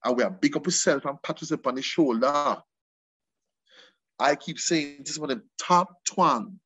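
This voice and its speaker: Man, Jamaican accent, guest, emphatic, mixes patois and English, fairly high, husky. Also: normal speed, a bit bright, dry recording. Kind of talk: passionate conversational interview.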